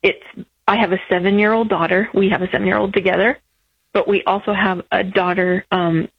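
A woman calling a radio show, emotional and halting, with many restarts. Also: medium pitch, fairly even intonation, slightly rough, no room sound. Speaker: caller. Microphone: phone. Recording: muffled phone line.

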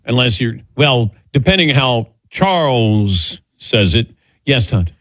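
A man hosting a sports radio show, talking relaxed while he takes calls and questions. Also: mid-range voice, takes it slowly, dry recording, clean studio sound. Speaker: host.

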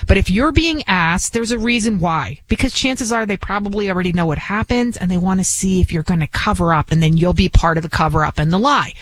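Guest-hosting a talk radio show, a woman with a Bronx accent who didn't grow up speaking English talks in a chatty, rambling, emphatic monologue. Her voice sits fairly low and moves a little fast with few pauses. The recording is dry and the audio quality poor.

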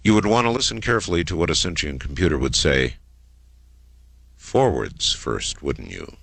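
A man hosting a late-night call-in radio show, taking callers with a dramatic, drawn-out delivery. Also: a bass voice, lively intonation, creaky, fairly bright tone, husky, no echo. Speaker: radio talk show host. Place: radio studio.

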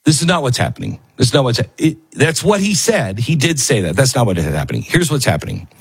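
A man's voice: mid-range voice, very animated, fast, slightly rough, no echo. A man hosting a talk radio show, rambling conversationally with fillers and asides. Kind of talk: casual talk radio monologue.

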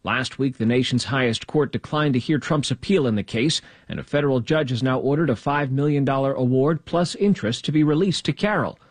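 A man correspondent delivering a formal news report in a brisk tone. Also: medium pitch, no echo.

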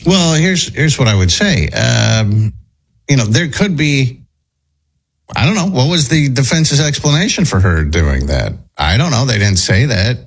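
A man's voice: medium pitch, sing-song, measured pace, breathy edge. A man hosting a talk show, chatting casually and thinking aloud with restarts and hedges.

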